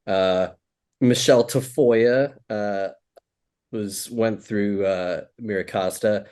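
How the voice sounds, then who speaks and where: A man with a fairly low voice hosts a relaxed interview. He sounds friendly, pausing often on uhs and restarting his sentences. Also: clear, resonant tone. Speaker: podcast host. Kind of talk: casual interview chat.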